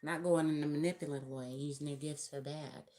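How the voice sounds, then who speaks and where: A woman's voice: low-pitched, steady tone, a little fast, warm tone. A woman giving a casual tarot reading to viewers, musing and thinking aloud as she counts out cards. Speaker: tarot reader.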